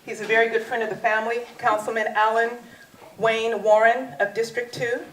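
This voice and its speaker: A woman's voice: a little high, little pitch movement, brisk, a bit bright, slight background noise. A woman giving a birthday toast at a family party, telling a story animatedly and acting out the voices she quotes, with frequent laughter. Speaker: daughter giving a birthday speech. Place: party hall. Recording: echoey hall with crowd.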